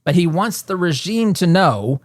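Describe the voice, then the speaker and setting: Male talk host, fairly high voice, insistent and repetitive, dry close sound. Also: animated, a little slow, dry recording. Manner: emphatic, repeats words while building a point. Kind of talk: political commentary monologue.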